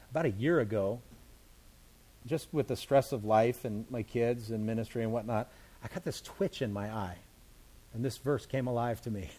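A man's voice: mid-range voice, normal speed, a little mellow. A man, a pastor, teaching through scripture verse by verse in a conversational sermon, explaining it in plain everyday words.

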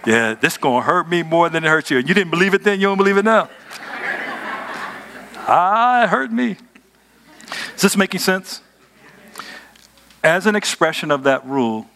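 A man's voice: mid-range voice, a bit bright, slight background noise. A man preaching a sermon as pastor, emphatic and conversational, asking his congregation rhetorical questions.

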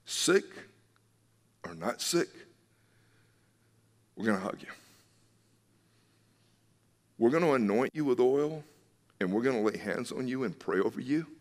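A man's voice: medium pitch, expressive, normal speed, long pauses, a little mellow, big-room sound. A man, a pastor, preaching a sermon in an earnest, emphatic way, repeating his key phrases.

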